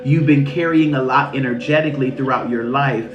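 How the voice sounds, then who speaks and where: A man's voice: medium pitch, steady tone, brisk. Casual, profane man giving a spiritual reading. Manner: casual, profane, repeats phrases, laughs often. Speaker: intuitive reader channeling messages. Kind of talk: live-streamed spiritual reading. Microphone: phone during a live stream. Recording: roomy, slightly muffled stream audio with faint music.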